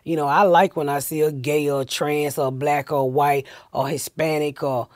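A woman's voice: low-pitched, normal speed, no room sound, studio quality. A middle-aged woman with a Southern US accent, a comedian telling stories in casual talk, swearing freely and acting out what people said. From United States. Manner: profane, animated storyteller acting out quotes. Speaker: comedian guest. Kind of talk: casual storytelling.

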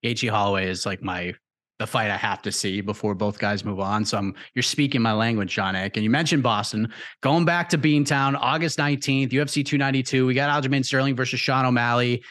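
A man's voice: medium pitch, fairly even intonation, fairly quick, fairly bright tone. A man hosting a casual interview, talking in a chatty, enthusiastic way. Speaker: interview host.

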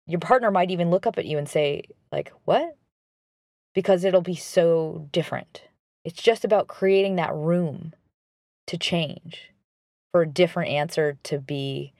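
A woman hosting a relationship advice talk, guiding the listener through a reflection in a calm, instructive way. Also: lowish voice, no echo, clean studio sound.

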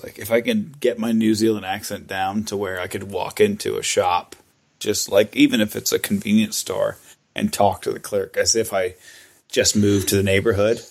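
A man's voice: on the low side, gravelly. An American man co-hosting a podcast, chatting loosely and joking, with lots of fillers and restarts. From United States. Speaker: podcast co-host. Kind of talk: casual chat.

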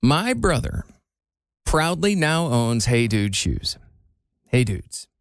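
A man's voice: medium pitch, very animated, slow pace, no echo, studio quality. A man hosting a talk show segment in casual chat, playful and leading the conversation. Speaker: radio show host.

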